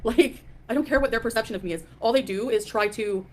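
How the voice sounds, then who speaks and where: Woman, live stream host, rapid casual talk, defiant, dismissive. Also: a little high.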